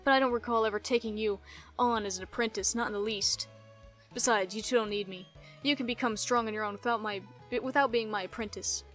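A woman voicing a gruff, proud male wrestler gym leader with a blustery manner. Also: a little high, steady tone, fairly quick, a bit bright, faint music behind, pitched below the performer's own voice, lightly acted.

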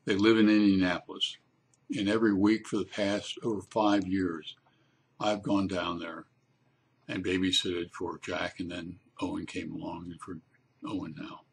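An older man telling a warm family story in a casual, unhurried way, with frequent pauses and restarts. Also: low voice, flat delivery, creaky, slight background noise.

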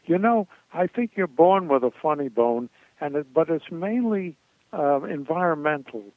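A man's voice: on the high side, lively intonation, normal speed, dry recording. An older man, a guest in an interview, rambling through anecdotes with many fillers and restarts. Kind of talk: interview storytelling. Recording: tinny phone line, dry.

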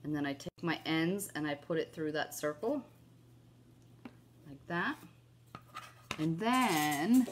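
A woman's voice: low voice, slow pace, pauses often, slight background noise. A chatty woman walks viewers through a craft project in an upbeat, gushing way. She keeps turning to her audience as she works, and a cough catches her now and then. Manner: gushing, chatty, keeps saying "you guys" and "oh my gosh". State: has a cough. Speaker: craft video host. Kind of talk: casual crafting tutorial.

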